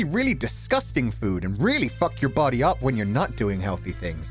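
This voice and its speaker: A man's voice: mid-range voice, huge pitch swings, normal speed, few pauses, soft background music. A man streamer in a casual chat, reading out donation messages, playful with words and swearing casually.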